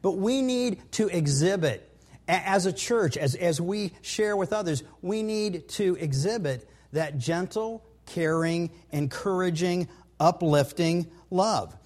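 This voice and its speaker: A man's voice: high voice, animated, slow pace, a little mellow. Earnest man preaching a sermon. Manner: earnest, conversational preaching with repeated words and personal stories. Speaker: pastor.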